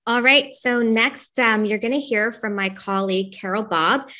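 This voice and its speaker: A woman hosting an online conference session over a video call, giving friendly, brisk introductions of the presenters. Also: fairly high pitch, fairly even intonation, pushed and bright, poor audio. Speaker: session host.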